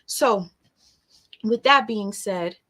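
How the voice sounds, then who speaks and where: A woman's voice: mid-range voice, extremely slow, sharp tone. A young woman, chatting casually and emphatically on a livestream as an artist, with motivational asides.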